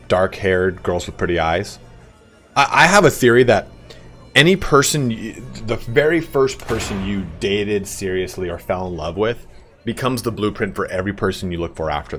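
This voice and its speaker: A man's voice: fairly low pitch, fairly bright tone. A young man from Southern California, chatting casually and rambling while he streams a game, swearing freely. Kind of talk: casual live gameplay stream chat.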